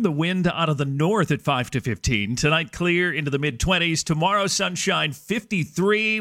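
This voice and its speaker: A man with a bright, ringing voice reads the weather forecast for radio. His pitch sits a little high and his delivery stays steady and even. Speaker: meteorologist.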